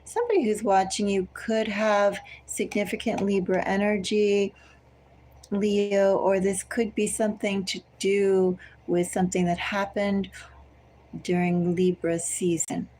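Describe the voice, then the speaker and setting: A woman giving a collective tarot reading, speaking slowly and deliberately and repeatedly addressing the listener by star sign. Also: mid-range voice, flat delivery, a little mellow, low-quality recording. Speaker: tarot reader.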